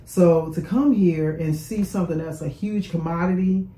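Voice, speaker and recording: Woman host from Chicago, mellow voice, chatty, echoey room. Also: lowish voice, moderate pace. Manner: chatty, affirming, many fillers. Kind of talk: casual interview.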